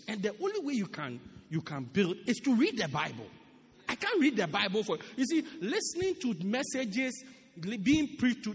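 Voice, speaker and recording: A man from South Africa preaching a sermon in an animated, repetitive way, often laughing at his own jokes. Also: high voice, slightly rough. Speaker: pastor. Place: large church hall. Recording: long echoing church hall reverb.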